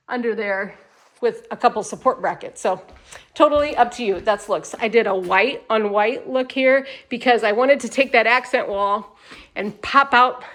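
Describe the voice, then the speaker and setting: A woman's voice: fairly high pitch, a bit bright. A woman hosting a walkthrough tour inside a manufactured home, chatty and upbeat as she talks straight to viewers, tired at the end of a long day. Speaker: home sales host giving a tour.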